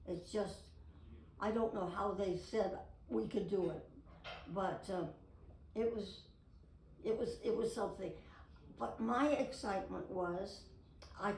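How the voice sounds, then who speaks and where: A woman's voice: mid-range voice, darkish tone. An older woman reminiscing to camera in a rambling, chatty way, with many restarts and side trails. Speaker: retired actress telling memories. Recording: roomy, distant recording with faint noise.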